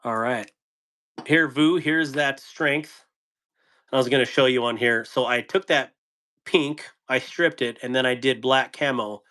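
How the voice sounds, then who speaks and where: This American knife-channel host has a mid-range, sharp-toned voice and an unhurried delivery. On his casual live stream he wanders from topic to topic, chuckling a lot while responding to chat.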